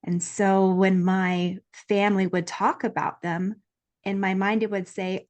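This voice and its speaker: A woman guest in an earnest, lively conversation, telling a personal story and acting out the voices she quotes. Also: medium pitch, unhurried, muffled recording.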